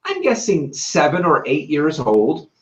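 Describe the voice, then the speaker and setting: A man with a British accent, a guest telling lively anecdotes and acting out other people's shouted lines. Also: on the high side, a little slow. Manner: lively, acts out quoted voices loudly. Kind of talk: anecdotal storytelling in a conversation. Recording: roomy and muffled.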